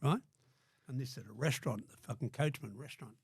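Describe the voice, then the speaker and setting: With vocal fry and a slightly rough, medium-pitched voice, this older Australian guest talks fairly quickly in a dry recording. During a casual interview he's blunt, swears all the time, and acts out quotes from the people in his stories.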